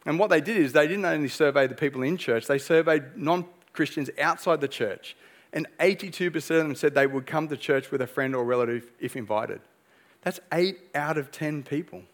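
A man's voice: a little high, a little fast. A young man preaching a sermon as pastor, earnest and emphatic, pressing his points with rhetorical questions.

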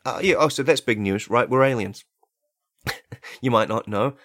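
A man hosting a comedy podcast, rambling through an absurd deadpan monologue full of fillers and tag questions. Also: mid-range voice, moderate pace, dry recording, clean studio sound. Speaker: podcast host.

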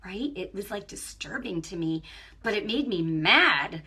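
Woman, online preacher, breathy, bright tone, animated testimony, hushed to loud. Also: medium pitch, unhurried. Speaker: online ministry broadcaster. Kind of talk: impassioned testimony to viewers.

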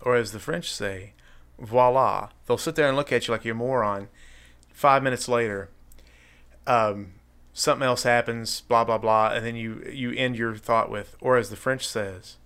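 Man in mid-pitch, chatty podcast guest. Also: moderate pace, fairly bright tone, clear, resonant tone. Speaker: guest, political candidate. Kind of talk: casual chat.

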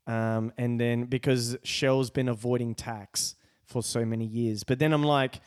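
Slow-talking podcast host. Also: male voice, medium pitch, fairly even intonation, darkish tone, clean tone. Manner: laid-back, halting, restarts a lot. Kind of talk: casual chat.

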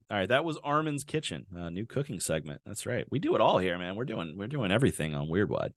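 A man's voice: on the low side, sing-song, fast talker, hardly any pauses, no echo. Podcast guy riffing and rambling, swears a lot, very dry close mic sound. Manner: rambling, joking, lots of filler and swearing. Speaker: podcast host. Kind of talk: comedic true-crime podcast chat.

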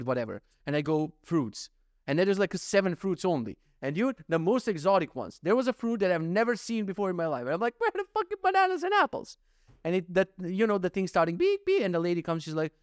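A man's voice: fairly high pitch, dry recording, studio quality. A young man ranting casually in a daily vlog, swearing often and getting worked up with exasperation. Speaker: vlogger.

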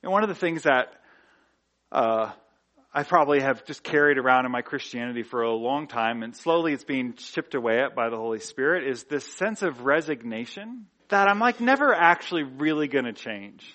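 A man's voice: mid-range voice, lively intonation, normal speed, a bit bright. A man preaching a sermon in a church, talking in a conversational way with rhetorical questions and frequent filler words. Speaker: pastor.

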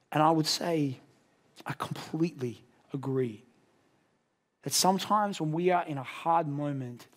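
Man preaching an earnest sermon. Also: fairly high pitch. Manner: earnest, conversational, rising to shouts for emphasis. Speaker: pastor.

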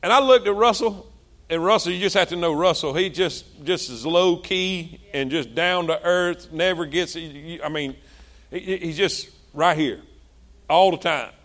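A male pastor, preaching a sermon with passion, repeating himself and swinging between loud and soft. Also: fairly high pitch, normal speed.

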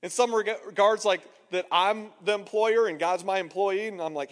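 A man's voice: sits high, steady tone, normal speed, long reverb tail. A man preaching a sermon as pastor in a conversational way, acting out the voices he quotes. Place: church hall.

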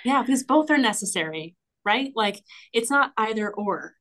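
A woman talking as a podcast guest in relaxed, conversational speech. She sounds enthusiastic and reflective, often pausing on fillers and laughing lightly between thoughts. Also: fairly high pitch. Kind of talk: casual conversational interview.

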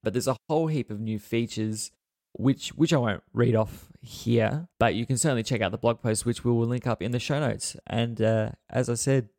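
An Australian man co-hosting a casual tech podcast, relaxed and easygoing, thanking contributors as he goes through the news. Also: mid-range voice, normal speed, no echo, clean studio sound. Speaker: podcast co-host.

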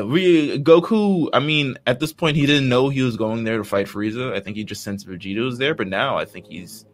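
A man co-hosting a casual fan podcast, laid-back and quick to laugh as he retells scenes. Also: medium pitch, lively intonation. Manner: laid-back, laughs often, acts out characters' lines. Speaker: podcast co-host.

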